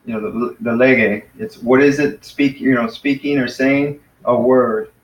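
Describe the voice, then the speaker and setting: A man teaching a casual lesson to a class, patiently explaining and slowly sounding out words. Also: mid-range voice, fairly even intonation, highs cut off. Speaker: Greek teacher. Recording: echoey room, mic far off.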